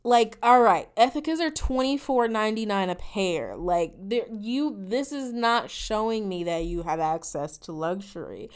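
A woman in her forties delivering a profane, exasperated comedic rant as a podcast host, voice swinging between loud outbursts and low mutters. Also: animated, measured pace, few pauses, clear, resonant tone.

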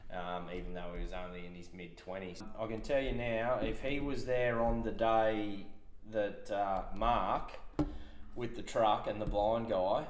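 A man's voice: on the low side, steady tone, a little slow, slight background noise. Swearing Australian man telling yarns. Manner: swearing, laughing anecdote teller. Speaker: podcast guest. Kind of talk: casual storytelling. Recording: roomy echo.

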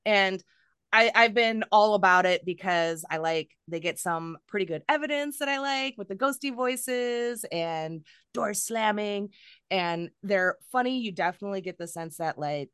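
A woman's voice: lowish voice, a bit bright, clean tone, no echo. A woman in her thirties hosts a podcast in a loose, chatty way, laughing easily and swearing casually. Her voice sits in the middle of the range and is recorded close and dry, with no room sound. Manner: chatty, laughs often, candid and profane. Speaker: podcast host. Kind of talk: casual chat.

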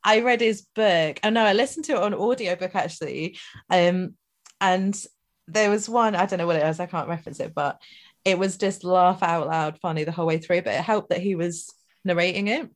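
Woman, low for her sex. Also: fairly quick. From Scotland. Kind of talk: casual chat.

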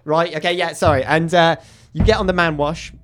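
Animated man telling a comic story. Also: fairly high pitch. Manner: animated, quick anecdotal telling. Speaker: comedian guest. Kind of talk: storytelling on a radio chat show. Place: radio studio.

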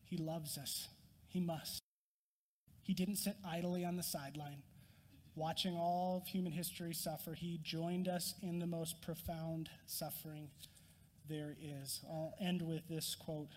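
A man preaching a sermon as a pastor, earnest, rising to emphatic peaks and dropping to quiet. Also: fairly high pitch, flat delivery, a little slow, big-room sound. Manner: earnest, rises in emphasis then drops quiet.

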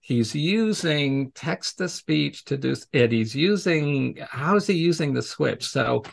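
An educator appearing as a podcast interview guest casually tells stories from his teaching work, acting out the voices of the people he quotes and laughing often. His voice is a little high with lively intonation, a touch slow, and has vocal fry.

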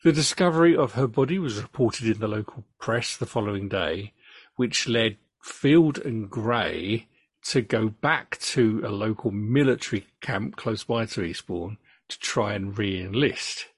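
An English man hosting a podcast, reading case notes in a true crime story with relaxed asides. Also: fairly low pitch, measured pace, husky, no echo.

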